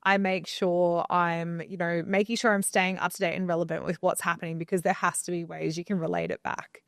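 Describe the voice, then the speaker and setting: A woman's voice: fairly low pitch, steady tone, fairly quick, no room sound. A young woman co-hosting a casual podcast from a home studio, chatty and opinionated as she gives advice. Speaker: podcast co-host.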